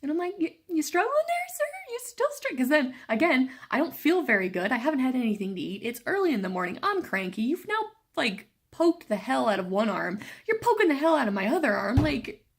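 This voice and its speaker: Chatty, sarcastic young woman, slightly gravelly. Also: on the high side, sing-song, a little fast. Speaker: cancer patient vlogger. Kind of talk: casual vlog storytelling.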